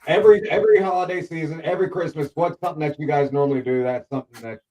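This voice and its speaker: A man hosting a relaxed talk show, his voice sitting a little higher than most men's. He talks in a playful, teasing way, quick to joke with his co-hosts. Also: lo-fi sound. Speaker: host. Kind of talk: casual talk show chat.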